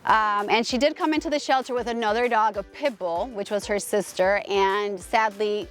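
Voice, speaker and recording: A woman's voice: mid-range voice, normal speed, faint music behind. A woman host telling a personal story in a casual, rambling way, emphatic and gushing, with many restarts. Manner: rambling, full of restarts and fillers.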